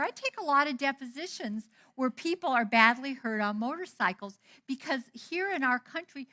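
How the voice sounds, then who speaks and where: A middle-aged woman minister giving a storytelling sermon, animated and acting out the dialogue she quotes. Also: on the high side. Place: church hall.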